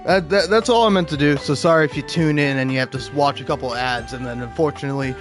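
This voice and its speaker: A man's voice: mid-range voice, quick pace, music in the background. A young man chatting casually on a gaming live stream, rambling and self-deprecating with lots of false starts. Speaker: gaming livestreamer.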